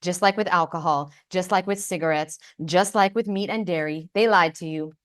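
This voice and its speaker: A woman's voice: lowish voice, normal speed. A woman hosting a casual livestream, talking brashly and playfully with plenty of swearing and chatting directly with her viewers on a close microphone. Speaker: livestream host.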